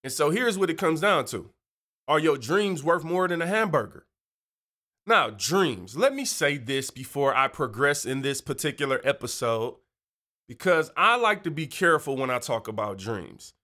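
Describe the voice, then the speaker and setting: A man's voice: fairly high pitch, sing-song, normal speed, bright, forceful tone. A man hosting a faith podcast in a chatty, slangy way, going off on tangents and playfully slipping into joking voices. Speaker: podcast host. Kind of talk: casual faith podcast monologue.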